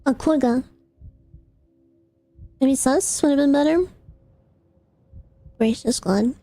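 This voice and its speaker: A woman's voice: sits high, takes it slowly, dark tone. A woman streamer reading an interactive adventure story aloud, narrating steadily and breaking into casual asides to her chat.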